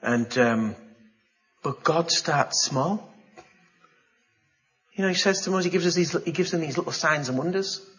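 A man delivers a sermon with a bright, forceful voice, dramatising the story with gasps and exclamations. He talks to his congregation like a storyteller. The recording is slightly dull and lo-fi. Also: on the high side, a little slow, pauses often. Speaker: pastor.

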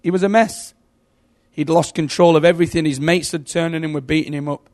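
A middle-aged man giving an emotional sermon testimony, telling stories and swinging from hushed to loud. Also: on the high side, steady tone, brisk. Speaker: preacher.

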